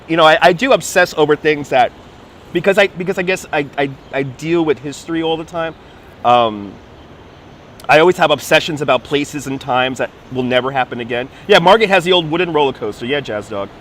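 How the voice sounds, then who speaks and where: In a city park, a man acting as a livestream tour guide talks playfully into his handheld phone, chatty and prone to put-on accents. His voice is on the high side and fairly bright, with lively intonation and a slightly fast pace, plus a little hiss or hum.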